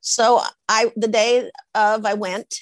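A woman's voice: a little high, slow, no echo. A woman being interviewed, telling anecdotes and acting out the voices of the people in them. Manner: animated, acts out the voices of people in her stories. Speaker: interviewee, actress.

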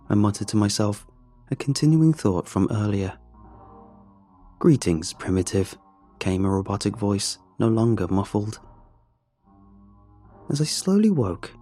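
Husky, mellow male storyteller, measured and steady, faint music behind. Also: fairly low pitch. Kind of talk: first-person story narration.

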